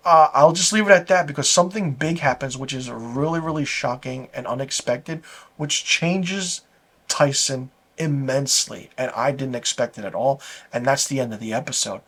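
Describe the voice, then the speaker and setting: A man's voice: on the high side, fairly bright tone. A man reviewing a TV episode in a casual, rambling recap. He is enthusiastic, uses many fillers, and often says "like". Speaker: TV episode reviewer, channel host.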